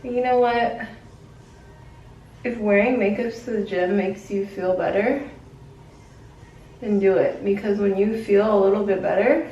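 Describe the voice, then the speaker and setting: A woman's voice: mid-range voice, a little mellow, lo-fi sound, slight background noise. A young woman vlogging in casual, slangy chat, musing on her feelings and life. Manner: chatty, slangy, self-reflective. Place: gym. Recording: echoey room, mic at a distance.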